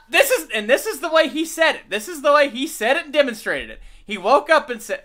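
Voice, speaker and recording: A man's voice: very high voice, very animated, brisk, hardly any pauses, pushed and bright. A man giving casual, profane, mocking commentary over a video, laughing and repeating catchphrases.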